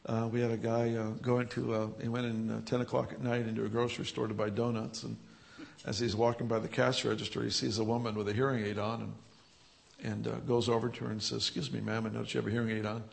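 Church leader, male, gravelly voice, interview storytelling with chuckles, builds to lively energy. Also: medium pitch, quick pace. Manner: storytelling, chuckling, grows animated and loud. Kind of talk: telling healing testimonies in an interview.

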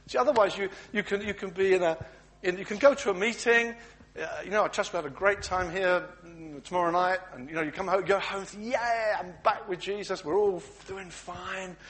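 A man's voice: high-pitched, fast talker, fairly bright tone. A man preaching a sermon in an anecdotal way, with frequent stammered restarts as he acts out little dialogues.

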